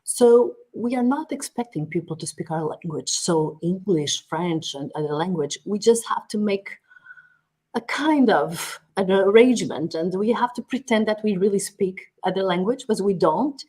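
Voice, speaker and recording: Portuguese-accented woman, expressive interview guest. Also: medium pitch, moderate pace, breathy edge. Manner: warm, expressive, with frequent restarts and laughs. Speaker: guest, media training executive. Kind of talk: casual interview answers.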